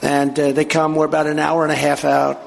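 A man's voice: a little high, completely flat delivery, fairly quick, creaky, slight background noise. A man giving a rambling, anecdotal speech at a live event, boastful and digressive, acting out dialogue as he tells the story. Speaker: political speaker at a live event.

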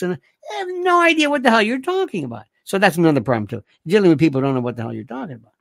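A man's voice: high-pitched, sing-song, racing, creaky, a bit bright. A man hosting an opinionated commentary monologue, firing off incredulous rhetorical questions.

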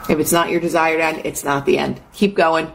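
A woman's voice: low voice, level tone, brisk, creaky, slight background noise. A young adult woman giving an earnest, chatty motivational talk, full of fillers like "like". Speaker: host.

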